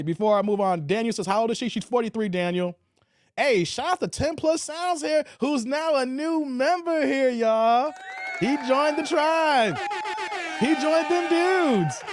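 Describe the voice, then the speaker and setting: A man's voice: high voice, dry recording, clean studio sound. A man hosting a live reaction stream, giving his take on clips, laughing and reading out comments from chat. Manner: animated, laughing, talks to chat and reads out comments.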